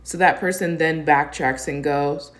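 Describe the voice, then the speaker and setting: Woman, deep voice, storytime delivery, dry and composed. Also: fairly even intonation. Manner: measured, dry, matter-of-fact. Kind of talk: storytime vlog.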